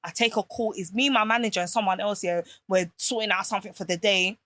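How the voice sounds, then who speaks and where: A woman, a podcast guest telling a personal story in candid casual chat, animated and swearing freely. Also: medium pitch, quick pace, no room sound.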